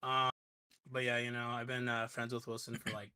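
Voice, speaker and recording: A young man introducing himself as a podcast guest, laid-back and joking, often trailing off quietly. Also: medium pitch, completely flat delivery, fairly quick, clear, resonant tone, no echo.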